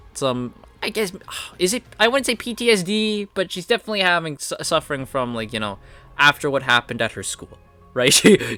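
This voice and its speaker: A man's voice: mid-range voice, bright, forceful tone. A man casually recapping and reviewing comic chapters, rambling along with plenty of "like" and "you know".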